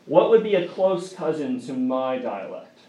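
A man from Grayson County, Virginia, with a Southern Appalachian accent, gives a lively, energetic classroom lecture and often asks his audience questions. His voice is medium-pitched and a little slow. The mic sits at a distance in an echoey lecture room.

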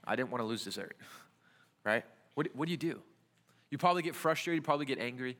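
A man's voice: mid-range voice, animated, fast, fairly bright tone. A young adult man, a youth pastor, preaching a conversational sermon full of rhetorical questions in a church. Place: church sanctuary. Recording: church hall reverb.

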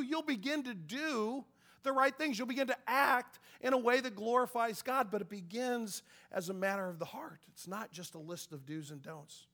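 A man's voice: extremely high pitch, animated, normal speed, bright, forceful tone. A male pastor delivering a conversational sermon, with self-deprecating humor and frequent restarts.

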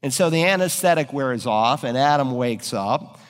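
A man's voice: mid-range voice, lively intonation, moderate pace, smooth, in a large hall. A man preaching a sermon as pastor, building to emphatic raised peaks.

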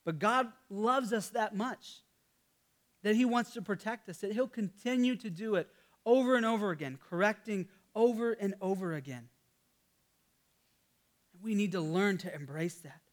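A man in his thirties preaches a sermon with a notably high voice for a man. He talks in a relaxed, conversational way, weaving in a family story and stumbling over small restarts and fillers. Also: normal speed. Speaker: pastor.

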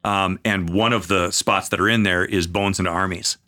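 A man speaking as a pastor in a conversational podcast, earnest, with many fillers, slowing into a preaching cadence at times. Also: sits low, fairly even intonation, sharp tone. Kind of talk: conversational podcast talk on faith.

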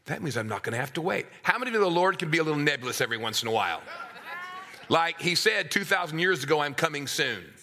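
A middle-aged man preaching a sermon, swinging from hushed asides to loud, acted-out voices. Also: on the high side, big pitch swings, quick pace, a little hiss or hum.

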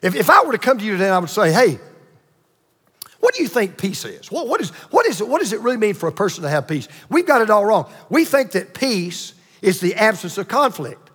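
A male pastor delivers a sermon in a fairly high voice, building emphasis through repeated phrases and drawn-out pauses. His words ring out with a long hall reverb around them. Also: sing-song, a bit bright, slightly rough. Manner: emphatic preaching with repetition and dramatic pauses.

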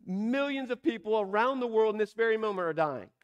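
A pastor preaches a sermon in a high-pitched, animated voice with a clean tone, firing off emphatic rhetorical questions and slowing down to stress key words. The recording sounds lo-fi.

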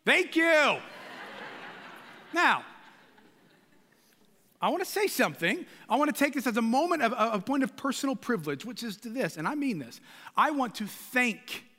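A pastor delivers his sermon with a very high, bright voice that rises and falls freely. He is loud and passionate and pushes to a shout for emphasis. His voice rings through a hall with a long reverb. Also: very animated, normal speed.

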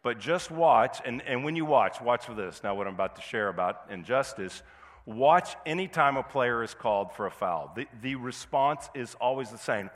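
A man's voice: medium pitch, animated, normal speed, fairly bright tone. A male pastor preaching a sermon in a conversational way, now and then acting out indignant voices. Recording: long hall reverb.

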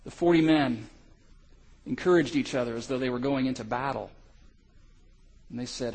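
A middle-aged male pastor telling a story in a sermon, swinging from loud cries to hushed lows. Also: moderate pace, pauses often, rough recording.

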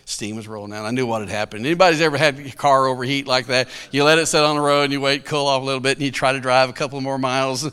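Bright-voiced folksy pastor. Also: male voice, mid-range voice, fairly even intonation, rapid-fire, few pauses, clear, resonant tone. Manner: folksy, chuckling, colloquial. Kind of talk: sermon storytelling.

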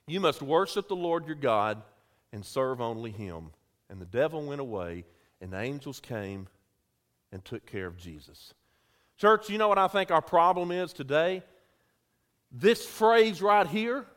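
A male pastor preaching a sermon to his church, swinging between loud calls and quiet asides. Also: sits high. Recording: audio recording of a church sermon.

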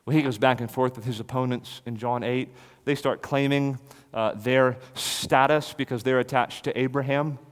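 A man preaching an expository sermon, swinging from loud declaration to hushed near-whisper. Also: medium pitch, steady tone, moderate pace, few pauses, long reverb tail.

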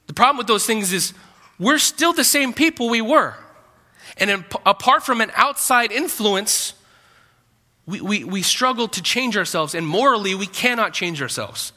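Bright high-voiced preaching man, hall reverb. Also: animated, normal speed. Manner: conversational preaching with asides and repetitions. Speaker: pastor. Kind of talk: sermon.

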